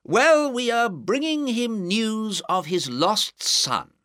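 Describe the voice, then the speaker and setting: Guy doing keen excited detective voice, bright and high, storybook reading. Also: takes it slowly, no echo, clean studio sound, full character voice. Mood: urgent. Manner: excited, probing questions. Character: keen, eager male detective.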